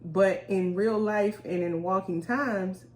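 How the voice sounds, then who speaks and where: A woman's voice: mid-range voice, slow. A woman co-hosting a casual comedy chat, telling stories and acting out kids' voices. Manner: animated storyteller, acts out kids' voices. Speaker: podcast co-host. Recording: roomy echo, faint room noise.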